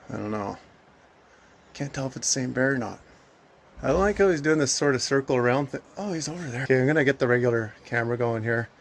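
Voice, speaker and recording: A man vlogging outdoors by his wilderness cabin, filming on a phone he holds, who shouts sharply at a bear and then mutters to himself in low asides. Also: far from the mic, a little hiss or hum. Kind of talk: off-the-cuff vlog narration. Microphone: phone held in hand.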